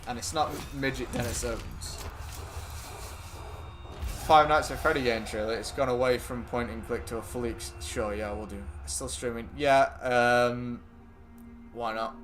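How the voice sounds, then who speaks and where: A man's voice: mid-range voice, steady tone, moderate pace, fairly bright tone, faint music behind. A young British man chatting casually on a gaming livestream, rambling between topics, answering chat and swearing loosely. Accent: British English. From Britain. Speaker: gaming streamer.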